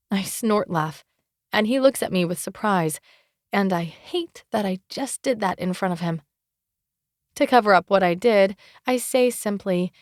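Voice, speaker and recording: A woman narrating a fantasy romance audiobook in first person, wry and expressive, close to the mic. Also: mid-range voice, unhurried, no room sound.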